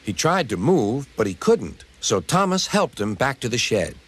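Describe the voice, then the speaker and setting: A man reading a children's storybook aloud in an expressive way. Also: mid-range voice, normal speed. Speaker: narrator. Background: music.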